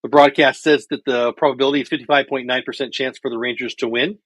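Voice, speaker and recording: A middle-aged man hosting a baseball watch party livestream from home, chatting casually and calling the plays with excitement. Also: mid-range voice, quick pace, no echo. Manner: chatty, thinks out loud, calls plays excitedly. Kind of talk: casual live baseball commentary.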